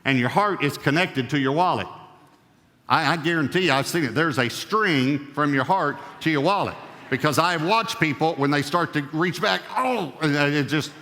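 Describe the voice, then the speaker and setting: A man preaching a sermon, emphatic, with a voice that swings up and down in pitch and loudness. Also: moderate pace, big-room sound. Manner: emphatic, rising and falling in pitch and volume. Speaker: pastor.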